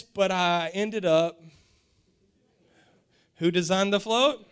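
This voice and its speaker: A man's voice: high voice, steady tone, slow pace, long pauses, clean tone. A man in his forties preaching a sermon, telling stories with animation and often repeating words.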